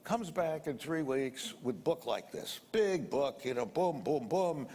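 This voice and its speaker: A man's voice: fairly high pitch, very animated, measured pace, darkish tone, breathy edge. An older man being interviewed, telling a rambling story in colloquial speech that repeats sound words. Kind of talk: anecdotal storytelling. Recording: reverberant room with faint noise.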